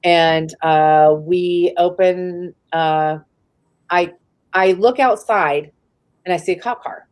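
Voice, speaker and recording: Candid woman with a lowish voice. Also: slow pace. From San Francisco Bay Area. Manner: casual and candid, frequent "like" and swearing. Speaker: interview guest. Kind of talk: personal storytelling in a live interview.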